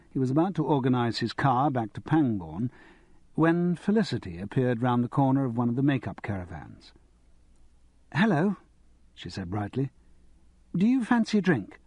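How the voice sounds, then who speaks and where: Expressive male audiobook narrator. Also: medium pitch, slightly rough, no echo. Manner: expressive storytelling. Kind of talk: scripted narration.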